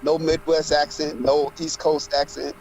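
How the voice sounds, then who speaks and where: A man tells rambling personal stories in casual livestream chat, his voice a little high. The sound is dull and lo-fi, with faint noise underneath. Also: level tone, a little slow, a little mellow. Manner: anecdotal, rambling storyteller. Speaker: livestream co-host.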